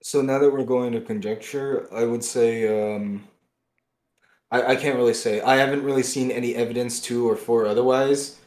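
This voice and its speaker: Angry podcast guy ranting, gets loud then mutters, roomy echo. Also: mid-range voice. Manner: agitated, swings between loud outbursts and muttering. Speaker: podcast co-host. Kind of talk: heated political rant.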